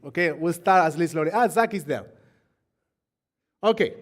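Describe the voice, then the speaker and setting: A man leading a live-streamed Shabbat service, his voice sitting a little high. He teaches in a loose, talkative way, often laughing and asking the crew and congregation for attention. When he reads scripture, he slows down and lands on each phrase. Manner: reads scripture slowly and deliberately.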